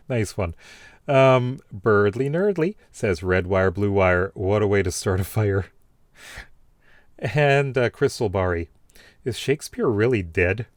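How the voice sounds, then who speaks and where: Low-voiced man rambling through viewer comments. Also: slow, long pauses, dry recording. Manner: rambling, with many fillers and restarts. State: has the hiccups. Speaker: YouTuber reading viewer comments. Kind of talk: casual commentary.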